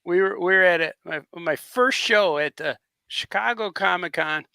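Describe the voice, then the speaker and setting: A man's voice: sits high, vocal fry, bright, forceful tone, clean tone, no echo. A man hosting a podcast, chatting casually and telling a story with frequent laughs. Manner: quick reactions, laughing storyteller. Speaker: podcast host, comics creator. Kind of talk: casual chat.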